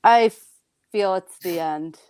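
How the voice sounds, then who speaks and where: A woman's voice: fairly low pitch, unhurried, a little mellow, clear, resonant tone, no echo. A woman guest on a casual sports podcast, talking earnestly and getting emotional about her favorite player. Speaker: guest commentator.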